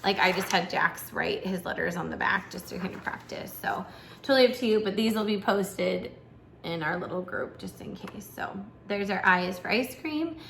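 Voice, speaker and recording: A woman's voice: mid-range voice, expressive, moderate pace, gravelly, a bit bright, a little hiss or hum. A young woman, a preschool teacher, chatting casually and encouragingly to parents with lots of fillers.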